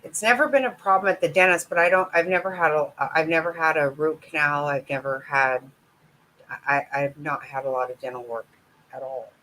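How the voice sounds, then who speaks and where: Blunt, bright-voiced middle-aged woman. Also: sits low, steady tone, moderate pace, slight background noise, poor audio. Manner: blunt, profane and candid. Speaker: vlogger chatting with viewers. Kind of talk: casual live-stream chat.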